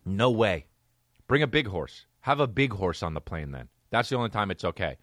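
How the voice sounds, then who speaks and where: A man hosting a comedy podcast, ranting in an incredulous, profane, animated way. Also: on the low side, moderate pace, dry recording, clean studio sound. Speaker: podcast host.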